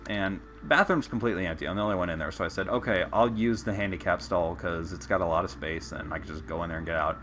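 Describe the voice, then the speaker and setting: A man's voice: mid-range voice, fairly bright tone, slight background noise. A young man streaming a game, chatting casually and telling stories with loose swearing. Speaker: gameplay streamer. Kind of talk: casual storytelling while gaming.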